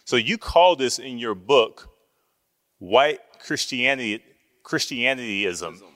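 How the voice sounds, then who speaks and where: Man, interviewer, direct questions, bright tone, slightly low pitch, long hall reverb. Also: expressive, slow pace.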